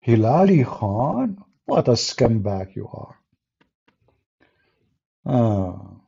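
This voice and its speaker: Scornful husky man with broken English. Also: mid-range voice, lively intonation, a little slow, dark tone, muffled recording. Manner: scornful, emphatic, laughs and jeers often; non-native English with broken grammar. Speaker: religious debater. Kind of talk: mocking polemic commentary.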